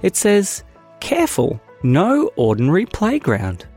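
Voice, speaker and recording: Patient mum of little kids, gentle and light, voiced by a male narrator. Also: high voice, huge pitch swings, a little slow, slightly rough, faint music behind, pitched above the performer's own voice, exaggerated voice.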